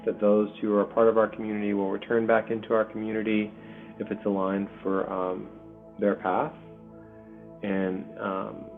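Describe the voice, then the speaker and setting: Gravelly soft-spoken man on a tinny call. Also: on the low side. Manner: soft-spoken, hesitant, full of pauses and ums. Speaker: community call host. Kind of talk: heartfelt spiritual community talk. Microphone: video call. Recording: tinny call audio with faint music.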